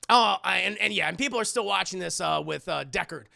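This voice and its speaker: Gravelly, bright-voiced streamer rambling. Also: medium pitch, a little fast, dry recording, studio quality. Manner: rambling, profane, laughing often. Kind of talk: casual movie recap to chat.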